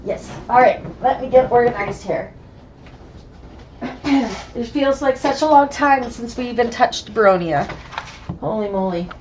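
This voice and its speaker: Hoarse, sniffly woman teaching a sewing class. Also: high-pitched, a little mellow, slight background noise. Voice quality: raspy. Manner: chatty, greets viewers by name. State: sick with a cold, hoarse and sniffly. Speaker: bag-making sewing instructor. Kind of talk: chatty live online class.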